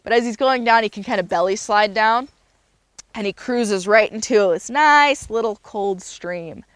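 A woman with a mid-pitched voice telling a story aloud in a loose, casual way. She talks freely, stopping to correct herself now and then. The recording is close and dry. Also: measured pace, fairly bright tone, clean tone, no room sound. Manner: loose and unscripted, with fillers and self-corrections.

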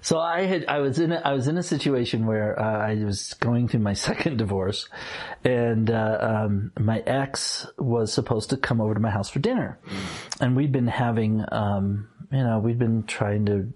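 A man with a husky voice telling a personal story in a casual chat, laughing often and getting animated when he quotes people. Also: lowish voice, normal speed. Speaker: guest.

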